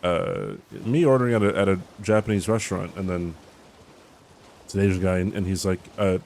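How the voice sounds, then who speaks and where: A man's voice: sits low, lively intonation, fairly quick, creaky, a little mellow, a little hiss or hum. A man streaming a game, chatting casually with his viewers in a rambling way, swearing and laughing as he reads the chat.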